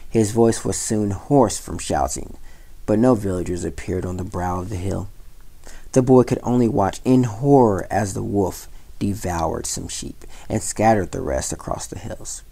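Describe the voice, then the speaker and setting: A man with a low, gravelly voice reading a children's story aloud. His tone is dark and mellow, and he tells the tale with a lively storyteller's pace. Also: measured pace. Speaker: community center director.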